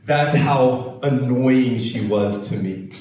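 An American-born man giving a storytelling talk as a keynote speaker, with slow, dramatic delivery and acted quotes. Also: medium pitch, darkish tone, very echoey, recorded from a distance, a little hiss or hum, rough recording. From United States.

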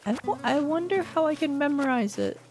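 A woman's voice: animated, brisk, darkish tone, slight background noise. A woman putting on a cutesy baby voice while chatting through a video game stream, teasing herself about how silly it sounds. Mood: babyish, playful. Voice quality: high babyish voice with a gravelly edge. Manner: self-mocking, giggly. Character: cutesy baby-talking little girl. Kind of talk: livestream gameplay chatter.

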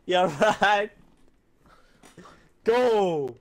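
Young guy yelling at his mates over a game, high voice jumping all over, swears a lot, laughs loud. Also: animated, very slow, no echo. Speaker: podcast host playing a game with friends. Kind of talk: casual gaming banter.

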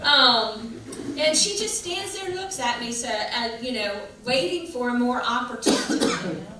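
A woman's voice: a little high, lively intonation, moderate pace, fairly bright tone. A woman pastor preaching a sermon, folksy and chatty, telling stories and laughing along. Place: church sanctuary. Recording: echoey church room, mic far off, background hum.

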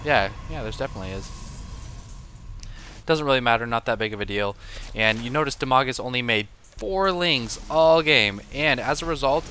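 A man's voice: mid-range voice, normal speed, pushed and bright, a little hiss or hum. A young man casually commenting on a video game match, joking and rambling into self-deprecating asides.

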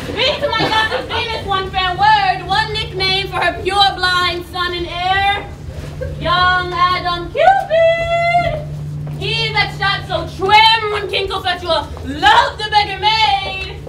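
A woman's voice: very high voice, slow. Woman playing Mercutio, a mocking bawdy young man. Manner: teasing, loud calling out. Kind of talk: live stage acting. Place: school building during a performance. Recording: echoey, distant camera with background noise.

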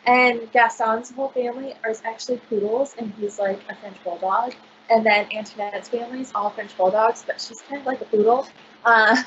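A woman's voice: a little high, lo-fi sound, slight background noise. A woman librarian chatting casually on a video call, gushing about picture books with lots of fillers. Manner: bubbly, gushing, filler-heavy.

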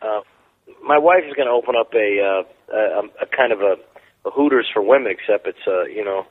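A man in his forties from the United States, a comedian guest in a radio studio interview, rambling through jokey asides in a deadpan way. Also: lowish voice, fairly quick, phone-quality sound. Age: 40s.

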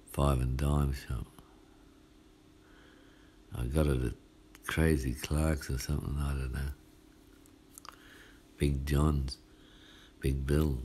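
Very deep, slow Australian pastor. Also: male voice, mellow, slight background noise. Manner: folksy and chatty, asks "hey?" often, laughs at his own lines. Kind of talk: casual midweek sermon.

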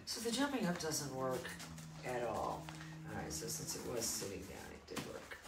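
A man's voice: medium pitch, huge pitch swings, moderate pace. A man working as a dog trainer, chatting casually through a demonstration and answering questions he imagines listeners asking. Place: room with puppies. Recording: distant mic, roomy, loud background noise.

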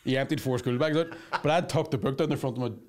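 A man's voice: mid-range voice, quick pace. A man co-hosting a podcast, telling stories with a lot of swearing in casual chat. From Northern Ireland. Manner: animated storyteller, swears freely. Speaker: podcast co-host.

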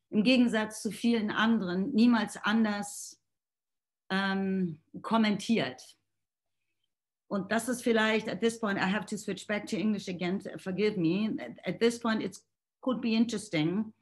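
Woman on a video call, searching for words, lots of restarts, mid pitch. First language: German. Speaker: guest reader in a book talk. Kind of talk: online book discussion.

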